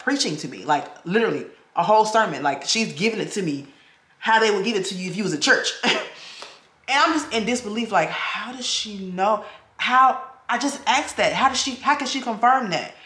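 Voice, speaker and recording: A woman's voice: mid-range voice, fairly bright tone, echoey room. A woman, a vlogger in her thirties, tells a personal story straight to her viewers, talking to them as "y'all" and acting out the voices she quotes.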